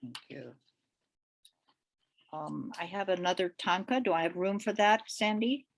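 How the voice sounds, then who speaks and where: A woman giving a poetry reading as the featured poet, delivering her lines in a deliberate, measured way with pauses between them. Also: fairly low pitch, lively intonation, gravelly. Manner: hesitant, with fillers, when speaking off the page.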